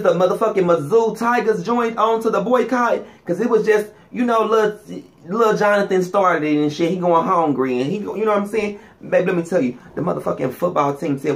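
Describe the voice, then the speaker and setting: A man, giving a profane, sassy gossip monologue as a vlogger, swinging his pitch up and down for emphasis.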